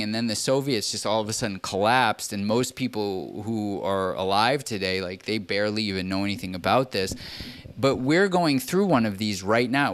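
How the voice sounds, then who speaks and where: A man with a low-pitched, resonant voice talks on a home stream. His delivery is a rambling, profane political rant, full of restarts and quoted exchanges he acts out himself. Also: clear, resonant tone.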